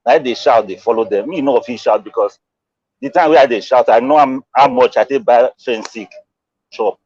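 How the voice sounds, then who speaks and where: A man's voice: medium pitch, moderate pace, lo-fi sound. Laughing Nigerian man, chatty panelist. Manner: laughs often, relaxed and chatty. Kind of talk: casual chat.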